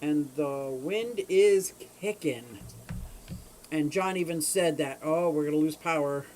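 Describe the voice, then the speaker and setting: A chatty, rambling livestream host from Pennsylvania talks about fish from a room full of tanks. The voice sits at a middle pitch, and the host greets viewers by name as they arrive. A faint hiss of noise sits under the camera mic. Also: takes it slowly, darkish tone, poor audio. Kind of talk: casual livestream chat. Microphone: camera mic on a short cable.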